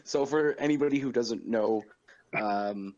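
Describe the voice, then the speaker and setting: A young man hosting a podcast in a relaxed, chatty way, pitched mid-range for a man. He rambles, fills pauses with ums and uhs, and laughs at his own stories. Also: lo-fi sound. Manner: rambling, with many fillers and chuckles. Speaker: podcast host. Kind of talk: casual podcast chat.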